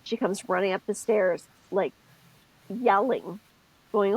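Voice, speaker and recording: A middle-aged woman co-hosts a casual podcast chat, telling stories and explaining things step by step. Her voice is breathy and husky. The sound is dry and close, with no room around it. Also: medium pitch, slow, no room sound, lo-fi sound. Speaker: podcast co-host.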